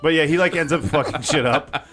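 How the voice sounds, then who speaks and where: A man's voice: a little high, brisk, fairly bright tone, faint music behind. Rambling, filler-heavy podcast man. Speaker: podcast co-host. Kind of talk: casual chat.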